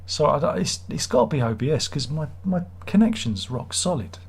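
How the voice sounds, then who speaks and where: A man's voice: fairly high pitch, very animated, a little fast, slightly rough. A man hosting a casual live stream, reading out viewer comments and joking in a rambling, self-mocking way.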